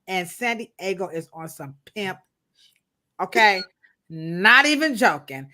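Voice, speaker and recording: A woman's voice: mid-range voice, big pitch swings, slow, sharp tone. A woman co-hosting a live stream, chatting casually and playfully with slang and laughter. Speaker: co-host.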